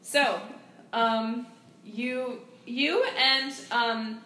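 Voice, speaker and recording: A woman's voice: a little high, steady tone, extremely slow, sharp tone. A young woman narrating as game master, casual, giggly and improvising. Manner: giggly, self-deprecating, improvising. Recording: echoey room with music behind.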